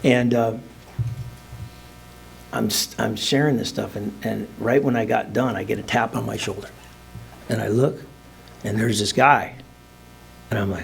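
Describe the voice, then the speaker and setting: A man's voice: lowish voice, fairly even intonation, normal speed, vocal fry, pauses often, slight background noise. A middle-aged man speaking at a recovery meeting, telling his personal story in a rambling, humorous way with casual slang. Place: meeting room.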